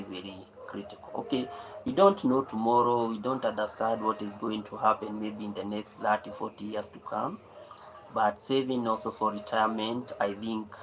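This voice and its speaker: A man's voice: lowish voice, a bit bright, slight background noise, rough recording. A man hosting a live stream, talking off the cuff in a rambling way, full of fillers and repeated phrases. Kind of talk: unscripted talk on saving.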